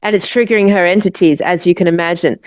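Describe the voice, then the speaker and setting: An Australian woman co-hosting a podcast, telling a wild story in an animated, rambling way and swearing freely. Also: lowish voice, quick pace, no room sound, rough recording. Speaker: podcast co-host. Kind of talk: casual storytelling.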